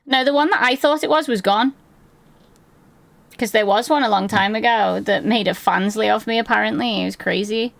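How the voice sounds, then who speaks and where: With a fairly high, fairly bright voice and some vocal fry, she talks at a normal pace with no room sound. This twenty-something streamer chats casually from home, reading chat aloud, swearing a lot, making fun of herself, and laughing easily.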